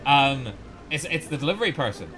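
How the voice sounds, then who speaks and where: A young male gamer gives casual, ranting commentary while streaming, rambling and cursing frequently out of exasperation. His mid-range voice swings widely in pitch, with a brisk pace and a fairly bright tone.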